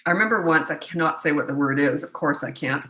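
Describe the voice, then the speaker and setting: A woman's voice: low voice, fast, sharp tone, roomy sound, low-quality recording. A middle-aged woman parenting coach talking through viewer questions in a chatty, emphatic live advice session.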